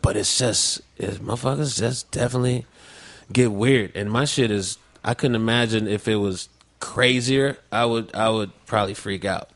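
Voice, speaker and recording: A man's voice: lowish voice, fairly even intonation, moderate pace. A man hosting a podcast, talking in casual chat with a loose, profane, rambling way of telling stories. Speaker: podcast host.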